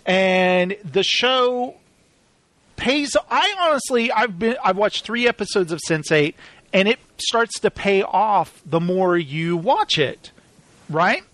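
A man's voice: high-pitched, takes it slowly, no echo. A man in casual chat, talking at length and acting out quoted lines. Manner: rambling, animated, acts out quoted lines. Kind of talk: casual chat about TV shows.

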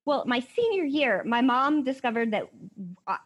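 A fairly high-voiced woman from Colorado co-hosts a casual book-club podcast. She talks in a chatty, self-mocking way and swears freely. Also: big pitch swings, moderate pace, breathy edge, dull audio. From Colorado, USA. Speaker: podcast co-host.

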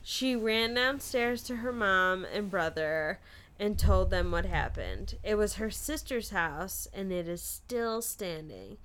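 A woman's voice: mid-range voice, takes it slowly, a bit bright. A woman hosting a horror podcast, reading out listener ghost stories in an easygoing, chatty way. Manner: laughs easily, easygoing storytelling. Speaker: podcast host.

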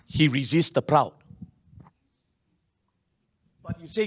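A man preaching a sermon, animated, with local particles and many restarts. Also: high-pitched, normal speed. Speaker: pastor.

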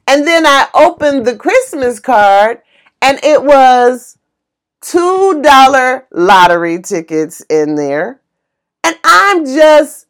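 A woman casually telling a personal story with emotion, exclaiming and acting out what people said. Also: a little high. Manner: animated, exclaiming, acts out quoted voices; emotional, tearful retelling.

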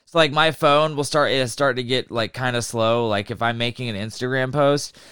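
Young male podcast co-host, smooth and dry, profane casual rants. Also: mid-range voice, normal speed, no room sound. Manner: profane, animated ranting. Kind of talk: casual chat.

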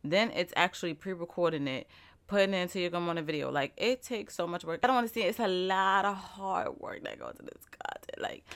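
A young woman chatting straight to her viewers in an animated, emphatic way. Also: on the low side, fast talker, smooth. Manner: animated, emphatic, speaks straight to the audience with lots of "like". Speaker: vlogger and podcaster. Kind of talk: casual motivational chat to viewers.

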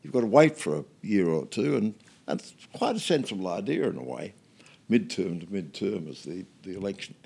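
An older Australian man, a guest in an interview, telling anecdotes in a relaxed way with many fillers and restarts. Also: deep voice, moderate pace, vocal fry, breathy edge.

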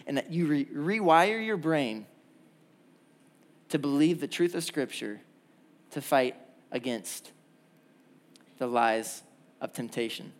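A young man preaching a sermon to a church crowd, earnest and animated as he tells stories. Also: mid-range voice, moderate pace, pauses often. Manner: animated storytelling, lively and earnest. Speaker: pastor. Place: church hall.

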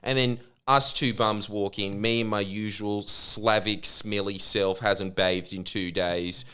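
Rambling man with a lowish voice. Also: fairly even intonation, measured pace, bright, forceful tone, smooth. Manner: rambling, self-mocking, laughs often. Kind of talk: casual storytelling chat.

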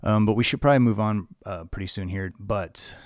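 A young adult man hosting a casual film discussion, speaking in a measured way with many fillers. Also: fairly low pitch, no echo, clean studio sound. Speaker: podcast host.

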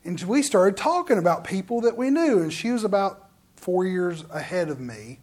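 Animated preacher man. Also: high voice, normal speed. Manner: animated, swings from loud emphatic bursts to hushed near-whispers, repeats words. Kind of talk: sermon with personal stories.

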